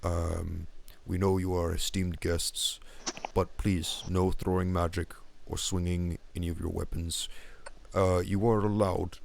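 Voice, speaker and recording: A man voicing a deep, stiff minotaur guard. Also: flat delivery, a little slow, creaky, darkish tone, slight background noise. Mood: formal. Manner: stiff, formal, polite. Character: formal male minotaur guard, like a large butler.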